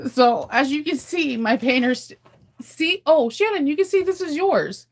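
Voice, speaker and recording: Against a noisy background, a woman with a high, expressive voice talks slowly, with long pauses. She's a California livestream host having a candid, casual chat with viewers and laughing often.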